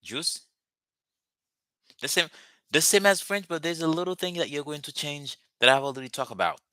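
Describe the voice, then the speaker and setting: A man's voice: on the high side, moderate pace, sharp tone, clean tone, no room sound, clean studio sound. A man teaching a live language lesson, patiently repeating words and phrases for his students.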